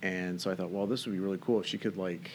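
A young man raised in Northern Ireland who speaks with an American accent, talking in a relaxed, rambling way with lots of fillers as an interview guest. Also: low-pitched, fast, slight background noise. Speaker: guest, coffee business owner. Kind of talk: casual interview.

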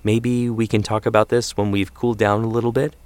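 A man voicing a calm mother who soothes a family argument. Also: fairly low pitch, fairly quick, clean tone, no room sound, natural voice.

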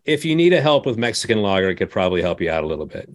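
A man's voice: on the low side, very animated, very fast, no echo, studio quality. A man hosting a brewing podcast who chats casually and drops in joking remarks. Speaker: podcast host, brewer. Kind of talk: casual interview chat.

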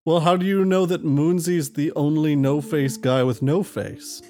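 Player at the table arguing a point, kinda reasoning it out, middle pitch. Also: steady tone, measured pace, darkish tone, faint music behind. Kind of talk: tabletop game chat.

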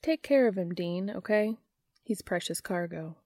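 A woman reading an audiobook, voicing a confident, wry woman friend in a bright voice. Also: fairly low pitch, measured pace, dry recording. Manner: bright and self-assured.

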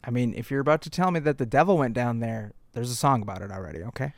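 A man co-hosting a casual comedic chat, cutting in with quick jokes and references. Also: medium pitch, no echo. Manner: quick joking interjections. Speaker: podcast co-host.

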